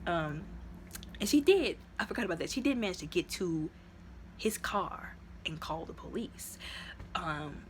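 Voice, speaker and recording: A woman's voice: lowish voice, very animated, measured pace, pauses often, a little hiss or hum. A woman reviewing a movie in a casual, chatty retelling, full of fillers, who acts out the characters' lines.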